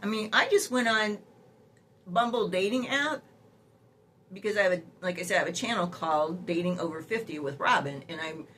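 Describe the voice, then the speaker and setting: A woman's voice: on the low side, animated, normal speed, a bit bright, slight background noise. An older woman, a great-grandmother, telling a story in a casual vlog with sassy, exasperated remarks and frequent laughter. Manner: laughs often while talking. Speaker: vlogger.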